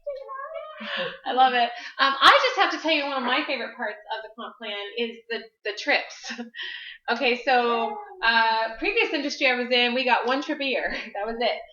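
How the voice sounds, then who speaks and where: A woman's voice: a little high, sharp tone, roomy sound, highs cut off. A woman giving a chatty live-stream presentation to a small room, laughing often and telling a personal story. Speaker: network marketing presenter. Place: meeting room with small audience.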